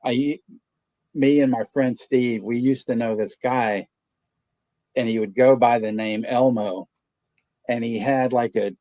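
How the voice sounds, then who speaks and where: A man's voice: medium pitch, steady tone, measured pace, long pauses, warm tone, no room sound. A man hosting a movie watch party stream, chatting casually and telling stories in a laid-back, profane way. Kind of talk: casual chat.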